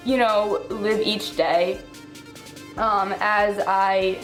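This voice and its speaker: A woman's voice: medium pitch, fairly even intonation, drawn-out words, faint music behind, low-quality recording. A woman in her twenties talks through a personal vlog, on the verge of tears, heavy on "like" and "um". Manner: heartfelt, filler-heavy talk with frequent "like" and "um". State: tearful, on the verge of crying. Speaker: fitness vlogger.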